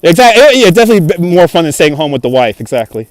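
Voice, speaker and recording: A man's voice: a little high, very animated, fast talker, no echo. A man with a New York accent hosting a casual livestream while walking through a snowy park, chatting, laughing often and reading comments aloud. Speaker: livestream host. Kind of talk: casual livestream walk-and-talk. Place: snowy city park, outdoors. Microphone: phone camera on a gimbal.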